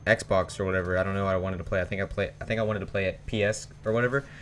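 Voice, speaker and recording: A man's voice: sits low, steady tone, rapid-fire, a bit bright, slight background noise. A young man telling a personal story in a rambling, casual way, with many fillers and restarts. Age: young adult. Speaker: vlogger.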